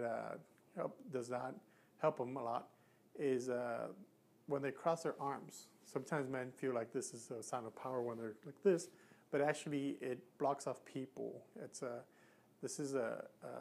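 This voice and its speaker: A man's voice: mid-range voice, darkish tone. A man giving earnest advice to camera, often restarting his sentences and demonstrating with his body. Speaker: communication coach. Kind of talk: instructional talk to camera.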